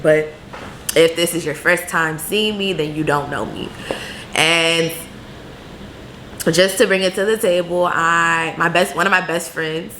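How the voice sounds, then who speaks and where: A woman's voice: lowish voice, a bit bright, slight background noise. A laid-back woman in her late twenties, answering questions in a candid, reflective vlog. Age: late 20s. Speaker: vlogger. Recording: roomy echo with faint ambience.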